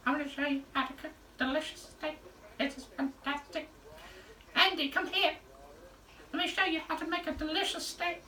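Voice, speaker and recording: A man doing an exaggerated, high-pitched impression of a male pop singer hosting a cooking show, recorded from far off in an echoey room. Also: moderate pace, pauses often, pushed and bright, exaggerated voice. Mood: giddy showman.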